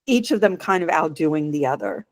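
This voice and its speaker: Woman podcaster recapping an episode, animated and laughy, dry close sound. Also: low-pitched, normal speed, no echo. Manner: animated, laughs often, retells scenes. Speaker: podcast co-host. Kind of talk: casual chat recapping an episode.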